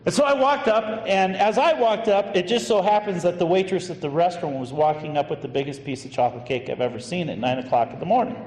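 A male pastor preaches in a relaxed, anecdotal way, tossing in casual fillers as he tells a story. His voice sits a bit high and rings out through a large hall with a long echo and faint noise behind it. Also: fast talker, few pauses. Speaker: associate pastor. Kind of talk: sermon storytelling.

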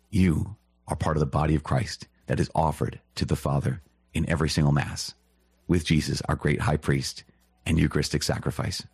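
Male priest, low husky voice, earnest exclamatory preaching, dry sound. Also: a little mellow, no room sound. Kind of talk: catechism teaching.

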